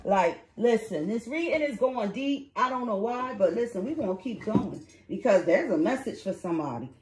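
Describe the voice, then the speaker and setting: A woman's voice: medium pitch, animated, moderate pace, noisy background. A woman giving a casual tarot reading to her viewers, talking bluntly and swearing freely. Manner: blunt, profane, streetwise talk. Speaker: tarot reader.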